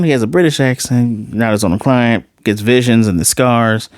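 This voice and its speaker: A man's voice: mid-range voice, moderate pace, dry recording, studio quality. A man casually recapping and reviewing a TV episode, slangy and profane, acting out the characters' lines as he retells scenes. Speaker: TV series reviewer.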